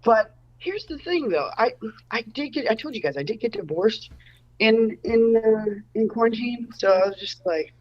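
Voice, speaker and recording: A woman's voice: fairly high pitch, expressive, moderate pace, distant mic, dull audio, slight background noise. A woman doing a stand-up comedy set from home over a video call, in a rambling, self-interrupting way. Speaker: stand-up comic. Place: home room.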